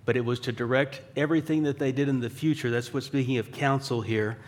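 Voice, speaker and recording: A man's voice: mid-range voice, fairly even intonation, quick pace. A man preaching a sermon in a conversational way, asking rhetorical questions and slipping in dry, wry humor. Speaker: pastor.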